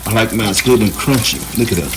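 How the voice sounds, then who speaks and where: Folksy guy cooking at home, lively up-and-down voice, pans clattering and grease frying loud behind him. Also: fairly low pitch, fast. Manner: chatty, folksy and playful, talks to the viewer as he works. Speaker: home cook and channel host. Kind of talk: casual cooking demonstration. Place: home kitchen. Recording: loud kitchen noise behind voice. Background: sizzling frying and clattering pots.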